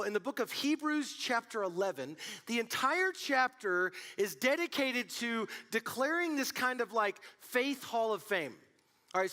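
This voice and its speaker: A young man preaching a casual youth sermon, telling stories with lots of fillers and an animated delivery. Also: high voice. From Colorado. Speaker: youth pastor.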